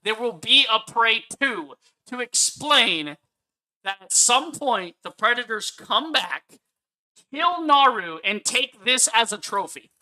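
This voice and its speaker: A man's voice: extremely high pitch, expressive, slow pace, sharp tone. A man ranting angrily on a live stream as he reviews a film, swearing often and repeating his points for emphasis. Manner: angry, profane ranting.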